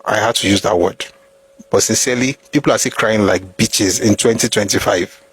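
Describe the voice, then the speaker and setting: Husky-voiced Nigerian man, animated commentary. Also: fairly low pitch, moderate pace. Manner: animated, rhetorical questions, mixes pidgin. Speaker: history commentator. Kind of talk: opinionated commentary to camera.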